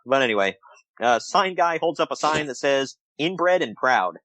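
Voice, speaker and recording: A man with a mid-range, expressive, slightly bright voice co-hosts a casual podcast review at a moderate pace. He rambles and laughs often as he retells things, with no room sound on the recording.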